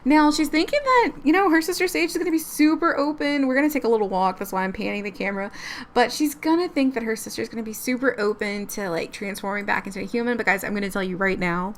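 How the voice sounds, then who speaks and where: A woman's voice: on the high side, quick pace, slight background noise. A young woman narrating a life-sim let's-play, chatty and storytelling, often laughing. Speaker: game streamer.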